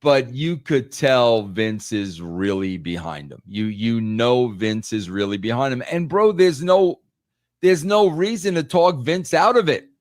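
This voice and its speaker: A man's voice: mid-range voice, measured pace, darkish tone, no echo, clean studio sound. Emphatic man repeating "bro". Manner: emphatic, says "bro" often, repeats words. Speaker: podcast guest, former wrestling writer. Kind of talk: casual podcast chat.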